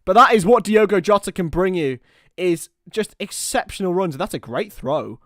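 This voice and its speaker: A young man giving live partisan football commentary on a watchalong stream, excitable and prone to shouting. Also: high-pitched, moderate pace, dry recording, studio quality.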